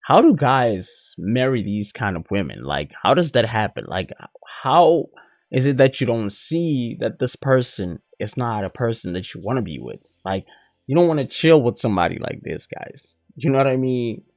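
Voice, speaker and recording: A man's voice: mid-range voice, sing-song, moderate pace, a little mellow, dry recording. Guy hosting reaction vid, chill, calls everyone bro, dry close sound. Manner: casual, addresses viewers as guys and bro. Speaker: commentary channel host. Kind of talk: reaction commentary.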